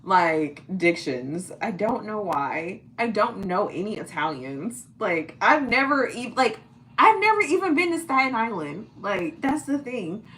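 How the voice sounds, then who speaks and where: A woman's voice: mid-range voice, big pitch swings, a little slow, fairly bright tone, low-quality recording. A woman in her thirties chatting casually on a livestream at home, reading out viewer comments and laughing often. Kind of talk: casual live-stream chat. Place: at home, tidying up.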